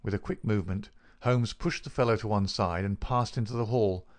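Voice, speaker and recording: A man narrating a classic detective story as an audiobook, measured and even. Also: fairly low pitch. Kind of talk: scripted narration.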